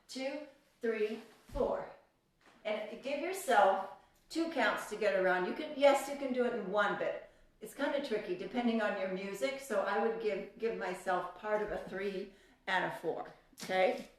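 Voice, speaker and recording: A woman's voice: medium pitch, measured pace. Chatty woman dance teacher counting beats, distant phone mic in an echoey room. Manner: counting beats aloud while demonstrating; chatty, cheerful, greets students by name. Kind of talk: live online dance class instruction. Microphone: phone camera away from her. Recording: echoey room, voice from a distance, music faint behind.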